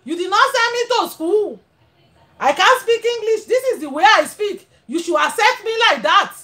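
A woman's voice: extremely high pitch, lively intonation, normal speed, bright, forceful tone, pitched above the performer's own voice, full character voice. Woman putting on an insistent unschooled Nigerian sister.

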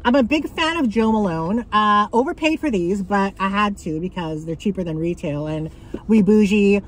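A woman from Canada, talking casually and bluntly to her viewers on a handheld phone, swearing freely and swinging between excitement and annoyance. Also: medium pitch, normal speed, slight background noise, low-quality recording. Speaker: vlogger. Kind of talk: casual vlog chat. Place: car and grocery store.

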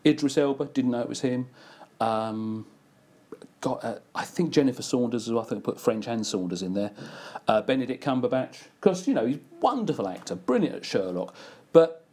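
In casual conversation, an older advertising writer and producer shares anecdotes, performing the back-and-forth dialogue within his stories. He speaks fairly quickly in a mid-range voice that is a little mellow, with lively intonation.

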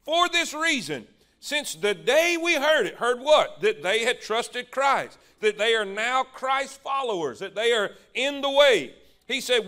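Pastor guy preaching slow, high voice, drags words out, gets the church to answer back. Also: pushed and bright. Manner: call-and-response preaching, drawn-out emphatic words. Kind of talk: sermon.

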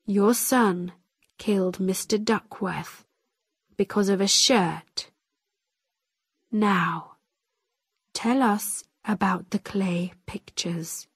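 Brief: woman doing a gentle, patient gentleman, husky, very slow and dry. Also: mid-range voice, no echo, heavily acted. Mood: calm. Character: calm, kindly gentleman magistrate.

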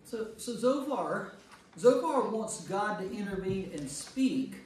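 A man's voice: fairly high pitch, a little hiss or hum. A priest leading a Bible study, teaching in a conversational way, repeating words and checking in with his class. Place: church meeting room. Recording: very echoey room, distant mic.

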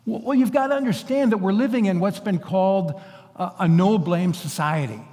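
A man's voice: high voice, moderate pace, a little mellow, in a large hall. A male pastor preaching an earnest, emphatic sermon, often restarting his words. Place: large church sanctuary.

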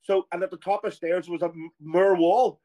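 A middle-aged man with an Irish accent and a fairly high voice for a man, spinning a lively anecdote. He talks casually and throws himself into the quoted voices as the story rolls on. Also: fairly quick. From Ireland. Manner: animated storyteller who acts out quoted voices. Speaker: former footballer guest.

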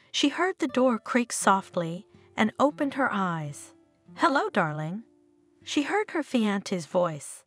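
A woman narrating a family drama, reading every character's lines in her own breathy voice, with soft guitar music behind her. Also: mid-range voice. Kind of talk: storytelling narration.

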